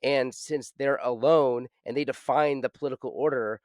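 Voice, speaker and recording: A man hosting a casual podcast discussion, thoughtful and halting, with many fillers. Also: medium pitch, fairly even intonation, a little mellow, no echo, clean studio sound.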